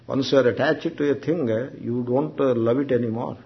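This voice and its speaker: A man, a monk teacher giving an unhurried, gentle spiritual discourse. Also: mid-range voice, steady tone. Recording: dull lo-fi recording.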